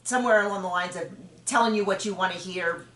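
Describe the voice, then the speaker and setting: A woman hosting a podcast, chatting frankly and opinionatedly about a reality show, with quick asides and self-corrections. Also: mid-range voice, fairly bright tone, a little hiss or hum. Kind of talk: casual opinionated chat. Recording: roomy distant mic.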